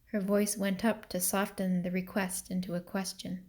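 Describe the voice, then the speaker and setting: A woman narrating a novel excerpt for students in a calm, deliberate reading. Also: mid-range voice.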